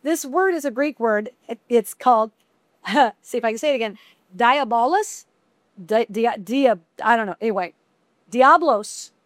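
A middle-aged woman teaching a women's Bible study in a chatty, conversational way with animated asides. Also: fairly high pitch, a little slow, pauses often, no room sound.

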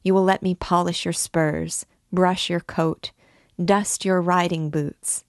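A woman's voice: on the low side, little pitch movement, takes it slowly, no room sound, clean studio sound. Woman reading as a lovestruck young gypsy girl. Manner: pleading, lovestruck.

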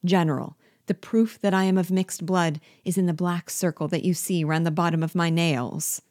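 A woman's voice: steady tone, moderate pace, darkish tone, no room sound, studio quality, lightly acted. A woman reading aloud and voicing a terrified male planter who begs for his life, her voice rising in desperate pleas. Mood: pleading. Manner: desperate, pleading, rising in pitch.

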